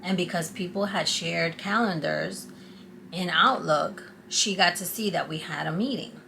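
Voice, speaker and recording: A woman vlogger tells a personal story straight to the camera, animated and confiding. Her voice sits low and a little gravelly. A faint hiss of background noise runs under it. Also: unhurried. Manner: animated, confiding, acts out quotes.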